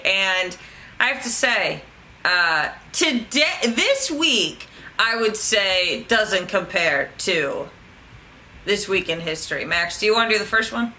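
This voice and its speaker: A woman's voice: mid-range voice, lively intonation, slow, bright, forceful tone, faint music behind, low-quality recording. A woman co-hosting a comedy news show, chatting casually in a playful, giggly, self-mocking way.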